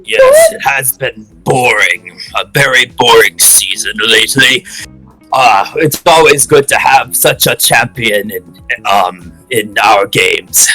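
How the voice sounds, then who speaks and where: An excitable male player acting out his character in a bright, gravelly voice with wildly swinging pitch. He speaks slowly and laughs often, with faint music behind. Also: rough recording. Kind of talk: casual in-character role-play.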